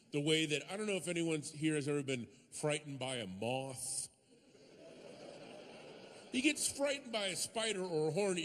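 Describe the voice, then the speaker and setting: A male stand-up comic with a fairly high, wildly lively voice that swings up into shouted bits. He works a large theater stage on a handheld mic. His voice rings out into a hall with a long reverb tail. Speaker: stand-up comedian. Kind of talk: stand-up comedy.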